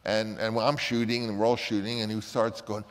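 An older man with a fairly low voice tells a story in an interview, animated and lively, acting out other people as he goes. His voice trails off in a long reverb, as if in a large space. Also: normal speed. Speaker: filmmaker recalling a casting story.

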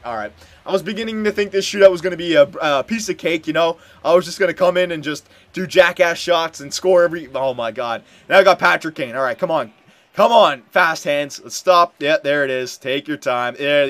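A young man giving casual commentary while playing a hockey video game, muttering one moment and yelling in frustration the next. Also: fairly high pitch, no room sound. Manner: excitable, swings from muttering to loud outbursts. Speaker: gameplay commentator.

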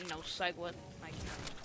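A gamer chatting casually while streaming, breaking into loud yelps and laughter. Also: mid-range voice, a little slow, noisy background. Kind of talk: casual gaming chat.

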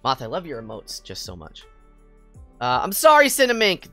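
Lively American man streaming a game. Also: medium pitch, normal speed, soft background music. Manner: playful, excitable, with sudden squeals. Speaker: VTuber streamer. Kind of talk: casual gaming stream chat.

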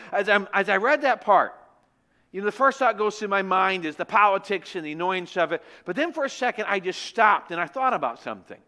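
Male preacher, sermon storytelling, animated and wry, high and bright tone. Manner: animated, joking, conversational. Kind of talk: sermon with humorous personal storytelling. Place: church.

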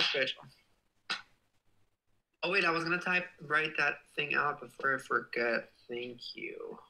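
This livestreamer reads comments from viewers during a casual chat, gushing playfully, cursing fondly and bursting out with sudden excitement. It's a mid-range voice on a rough recording.

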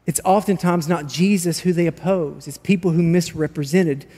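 A man's voice: fairly high pitch, moderate pace, warm tone, in a large hall. A man preaching a sermon, telling a story with animation and reading scripture aloud. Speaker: pastor. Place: large church hall.

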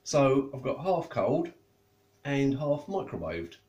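Lively man in an echoey kitchen. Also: medium pitch, slow pace, muffled recording, noisy background. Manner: chatty, tastes and eats while talking. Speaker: food reviewer. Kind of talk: casual food review vlog. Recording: echoey room.

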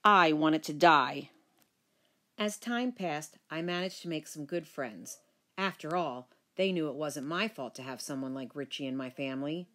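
A woman reading a children's book aloud, narrating in the first person with lively expression. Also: deep voice, unhurried. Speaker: storyteller.

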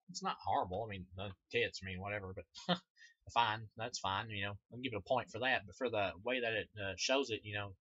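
A man tears into a movie in a loose, rambling review, cursing constantly and chuckling between points. His voice is bright and forceful, close and dry, and the recording is dull and lo-fi. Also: lowish voice, husky, no echo. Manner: rambling, profane, laughs often. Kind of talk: casual spoken film review.

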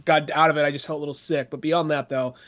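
A slightly high-voiced man on a casual movie podcast. He talks loosely and swears freely, often jumping into quick impressions of characters while retelling scenes. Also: little pitch movement, a bit bright. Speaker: podcast co-host.

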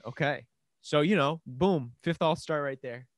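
A man's voice: fairly high pitch, measured pace, dry recording, clean studio sound. A man from Queens co-hosting a podcast, chatting casually and teasing his co-host, getting heated when he defends his team. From Queens, New York. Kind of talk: casual chat.

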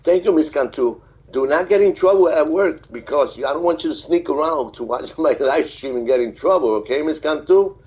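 A man live streaming, reading viewer comments aloud and thanking them in a halting, friendly way. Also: fairly high pitch, animated, darkish tone, husky, poor audio. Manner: halting, with many fillers and restarts. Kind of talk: casual live-stream chat.

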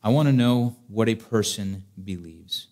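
A man preaching a sermon in an animated, humorous way, acting out scripture stories as he teaches. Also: on the low side, a little slow.

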